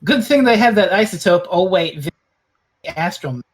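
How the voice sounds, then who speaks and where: A woman co-hosts a casual podcast review, her middle-pitched voice swinging widely up and down. She giggles often and throws in playful comments. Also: expressive, moderate pace. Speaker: podcast co-host.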